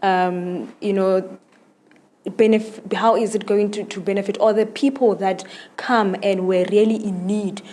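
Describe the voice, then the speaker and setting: A woman's voice: mid-range voice, fairly even intonation, unhurried, mellow. A woman reporting in the field for television news, speaking with frequent fillers. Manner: thoughtful, with many fillers.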